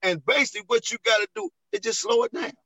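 A man's voice: very high voice, very animated, fast talker, a bit bright, no echo, rough recording. A man in casual conversation as a veteran comedian, advising others and repeating phrases for emphasis. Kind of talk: casual chat.

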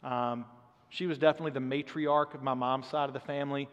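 A man's voice: medium pitch, steady tone, brisk, a bit bright, muffled recording. A man in his thirties preaching a sermon in a conversational, earnest way, often dropping in "man" as he talks to the congregation. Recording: long hall reverb.

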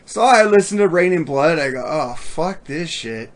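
A man's voice: on the high side, animated, normal speed. A man hosting a casual podcast chat, swearing freely and laughing often. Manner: profane, laughs often, loud shouts. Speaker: podcast host.

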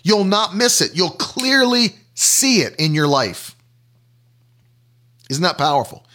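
A man's voice: high-pitched, sing-song, takes it slowly, sharp tone. A man preaching a sermon, teaching through questions and everyday examples and repeating key phrases for emphasis.

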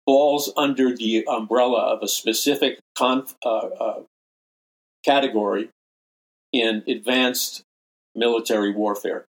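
Man, older, gravelly voice, middle pitch, broadcast minister, fervent preaching, repeats phrases. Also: fairly even intonation, unhurried, rough recording. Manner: emphatic, repeats phrases for stress. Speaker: minister and show host. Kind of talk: impassioned preaching commentary.

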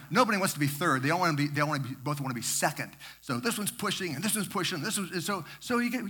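Bright-voiced older man telling a story. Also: mid-range voice. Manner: rambling, repeats words, self-correcting asides. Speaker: speaker sharing a devotional story. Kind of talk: informal sermon storytelling.

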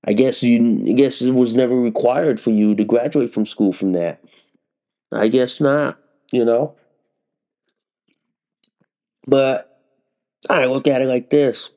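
A man's voice: medium pitch, unhurried, mellow. A man hosting a political podcast, ranting in a heated, profane, repetitive way while getting over a head cold.

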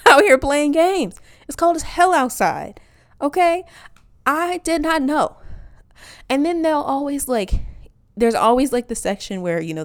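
A woman from Wisconsin delivering a casual comedic monologue, profane and animated, laughing often and mimicking other voices. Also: on the high side.

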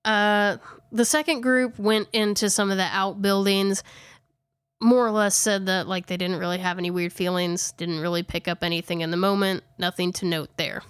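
Recapping a ghost-hunting video, this podcast host chats loosely, correcting herself often and sounding a little breathless. The studio-quality recording has no room sound and catches her smooth mid-range voice, fairly even in intonation and at normal speed.

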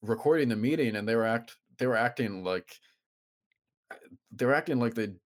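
A man's voice: mid-range voice, a little fast. A man co-hosting a podcast, chatting casually and critically about a film and mocking the people in it. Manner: animated, critical, quotes people with mocking voices. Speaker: podcast co-host.

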